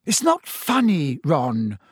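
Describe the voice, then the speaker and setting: A man lifts his voice to play a studious teenage witch, earnest and sharp, speaking fast and to the point. Her voice sits noticeably higher, and the sound is close and dry. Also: big pitch swings, no room sound. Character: earnest teenage boy, know-it-all witch. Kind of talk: audiobook character voice.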